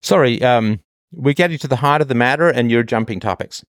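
Man, host, probing, argumentative, mid pitch, dry. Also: brisk, no room sound. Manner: probing, argumentative, acts out quoted voices. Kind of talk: call-in advice conversation.

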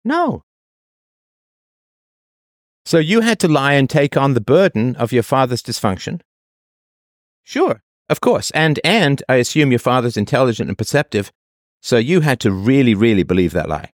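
A man's voice: medium pitch, big pitch swings, normal speed, pauses often, dry recording, clean studio sound. A man hosting an advice conversation, pressing a caller with probing questions and acting out quoted voices. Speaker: host.

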